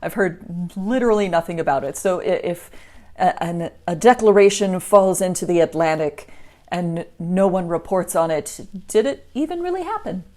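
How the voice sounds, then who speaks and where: Deadpan, low-voiced American woman. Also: normal speed. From United States. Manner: deadpan, dry humor. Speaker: podcast co-host. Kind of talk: casual political chat.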